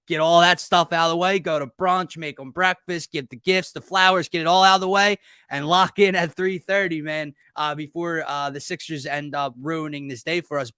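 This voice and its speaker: Upbeat guy hosting a sports stream, kinda high voice, dry mic. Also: fairly even intonation, pushed and bright, clear, resonant tone, no echo. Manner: upbeat, hypes the game with drawn-out emphasis. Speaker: co-host of a sports podcast. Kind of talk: casual sports talk show.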